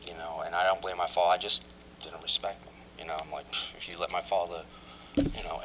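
A man tells his own story candidly, pausing, restarting and circling back as he reflects. His voice sits fairly low yet has a forceful, bright edge. A faint hum of traffic runs behind him. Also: rough recording. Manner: halting and reflective, with frequent "you know" and restarts. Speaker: person sharing his life story. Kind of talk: candid personal testimony.

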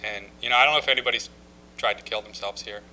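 Bright-voiced man sharing his recovery story. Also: lowish voice, a little hiss or hum, poor audio. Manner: halting, with frequent restarts and wry self-mocking humor. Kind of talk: personal testimony talk.

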